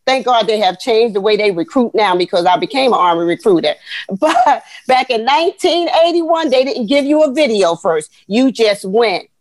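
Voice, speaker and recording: A woman, telling animated, folksy stories as an interview guest. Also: on the high side, moderate pace, no room sound. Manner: animated, folksy, addresses listeners as y'all. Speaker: guest, retired Army veteran. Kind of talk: storytelling interview.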